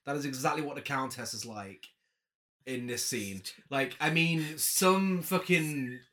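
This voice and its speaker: A man's voice: medium pitch, measured pace, pushed and bright. A man co-hosting a casual film-review podcast, making blunt, profane quips. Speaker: podcast co-host.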